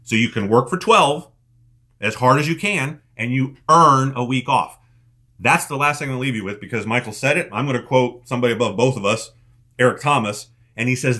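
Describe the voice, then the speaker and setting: A man's voice: medium pitch, fairly quick, fairly bright tone. A man giving a motivational coaching talk on an online team call, emphatic and repeating his key lines for effect.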